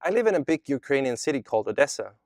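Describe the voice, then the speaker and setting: A boastful chatbot posing as a young Jewish boy from Odessa, read out by a man. The lines come flat and even, at a mid pitch, with dry sound close to the mic. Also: racing, no room sound. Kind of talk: reading a chat transcript aloud.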